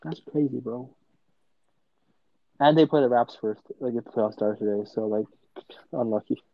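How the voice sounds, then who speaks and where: A man's voice: mid-range voice, moderate pace, gravelly, no room sound, muffled recording. Young man rambling on a call. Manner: rambling, fillers like "bro" and "like". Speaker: friend in group call. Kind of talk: casual chat about basketball. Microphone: headphones on a call.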